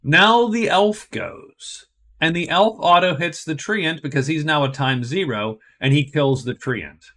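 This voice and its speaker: A man's voice: on the high side, unhurried, fairly bright tone. A man narrating a solo board game playthrough, thinking aloud and explaining each move step by step.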